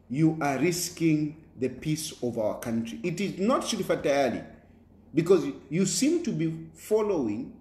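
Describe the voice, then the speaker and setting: A man's voice: on the high side, dark tone, reverberant. A Zambian man and politician giving an emphatic, repetitive political monologue with a preaching tone and many fillers.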